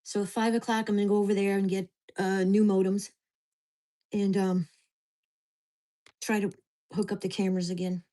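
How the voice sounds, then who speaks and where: A woman's voice: mid-range voice, flat delivery, normal speed, pauses often, mellow. A woman vlogger at home, venting angrily and swearing about her neighbors. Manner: ranting, profane, indignant. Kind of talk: angry venting vlog.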